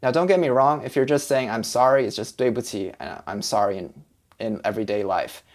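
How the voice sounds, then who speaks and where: A language teacher giving a casual, friendly pronunciation lesson, slowly sounding out syllables step by step. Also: mid-range voice. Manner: casual and friendly, with fillers like "kind of" and "like".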